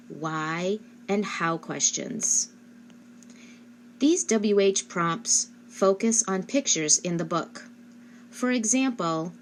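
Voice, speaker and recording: A woman giving instructional narration as a speech therapist, speaking slowly and carefully and modeling questions for a child. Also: medium pitch, a little hiss or hum. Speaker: speech-language pathologist.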